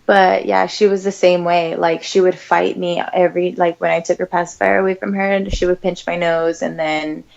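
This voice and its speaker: A young woman co-hosting a podcast in relaxed casual chat, laughing often. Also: on the low side, normal speed, gravelly, hardly any pauses, muffled recording. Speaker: podcast co-host.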